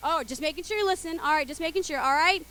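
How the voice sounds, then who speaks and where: A young woman teaching children, telling a Bible story in a playful, expressive way and getting the kids to call out and join in. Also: high-pitched, fast talker.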